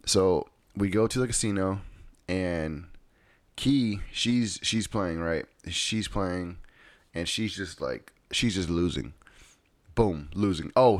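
A man's voice: low voice, dry recording. A man casually telling a rambling story at home, often checking in with his listeners. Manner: rambling, repeats "right?". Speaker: vlogger.

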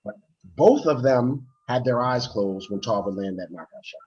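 A man co-hosting a podcast, talking boxing in casual, animated storytelling with frequent restarts. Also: medium pitch, normal speed, slightly rough, highs cut off. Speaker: podcast co-host. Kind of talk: casual sports chat.

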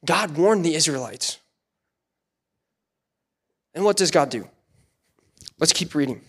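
High-voiced man preaching with animation. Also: slow pace, husky. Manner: animated, acts out voices in quotes. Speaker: pastor. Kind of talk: sermon.

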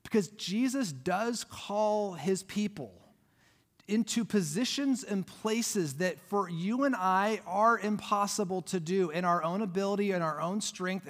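Pastor, male. High, bright voice; chatty, emphatic preaching; long hall reverb. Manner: conversational, emphatic teaching with frequent restarts. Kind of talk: sermon.

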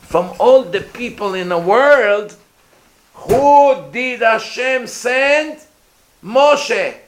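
A man's voice: very high voice, very slow. Guy teaching torah to a group, asks them questions, voice bounces round the room. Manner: animated, asks the listeners questions, acts out voices. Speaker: rabbi giving a Torah class. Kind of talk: informal Torah lecture to a live group. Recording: echoey room, faint noise.

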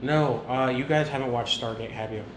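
A young man chatting casually with his siblings, an animated storyteller who retells scenes with laughter. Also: mid-range voice, normal speed. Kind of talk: casual chat. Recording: echoey room with background noise.

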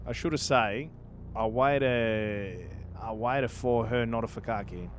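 A man putting on a hammy, excitable Italian-accented character with broken grammar for laughs on a podcast. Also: medium pitch, a little hiss or hum, pitched below the performer's own voice, close to an everyday voice. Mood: teasing. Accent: put-on Italian. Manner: broken grammar, drawn-out teasing.

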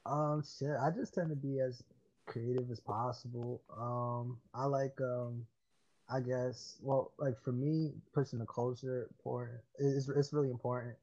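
A young man from Harlem talks as a guest in a casual chat, halting and full of fillers. His voice comes through a dull, lo-fi earbud mic. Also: medium pitch, fairly even intonation, darkish tone. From Harlem, New York City. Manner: hesitant with many fillers and restarts. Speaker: podcast guest. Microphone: cheap wireless earbuds.

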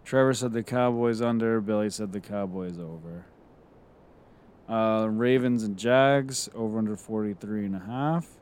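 A man's voice: fairly low pitch, normal speed, a little mellow, smooth. A man co-hosting a casual podcast, reading out picks in an upbeat way and laughing often. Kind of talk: casual chat.

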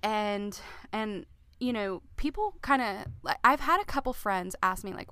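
A woman's voice: mid-range voice, lively intonation, a little slow, sharp tone, smooth, no room sound. A middle-aged woman, a parent of older kids, co-hosting a casual parenting chat in an earnest, reflective way. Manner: earnest, reflective, with many fillers. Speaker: podcast co-host.

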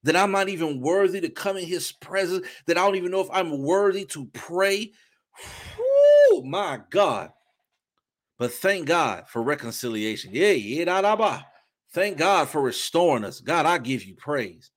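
A man preaching a fervent testimony sermon, with sudden loud bursts of praise between softer reflective stretches. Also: on the high side, sing-song, moderate pace. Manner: shifts between soft reflection and shouting. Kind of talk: impassioned sermon.

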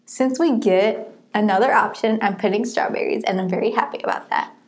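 A woman's voice: mid-range voice, brisk. A young woman co-hosting a casual chat podcast, chatty and full of filler words. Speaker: podcast co-host.

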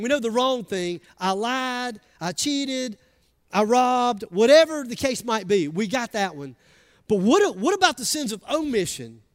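Delivering a sermon in a Southern US accent, this high-voiced pastor from the American South talks conversationally with the congregation, alternating quiet asides with loud bursts of emphasis.

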